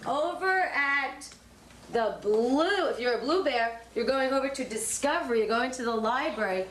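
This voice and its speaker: A woman kindergarten teacher reading a story aloud to children in a classroom, slow, sing-song and encouraging. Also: high-pitched, expressive, a bit bright. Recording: echoey classroom on noisy old tape.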